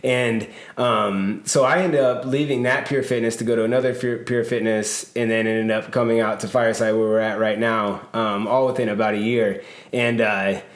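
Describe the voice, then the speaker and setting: A man's voice: on the low side, fairly even intonation, moderate pace. A man hosting a casual podcast, telling a long story with lots of fillers and laughs. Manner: rambling, laughing, many fillers. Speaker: podcast host and personal trainer. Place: gym or studio room. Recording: echoey room.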